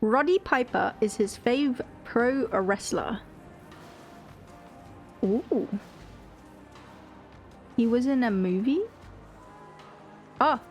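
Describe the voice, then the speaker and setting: A woman's voice: a little high, drawn-out words, pauses often, faint music behind. A young woman streaming a game, chatting casually with viewers, reading chat aloud and giggling often. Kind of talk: casual live-stream chat while gaming.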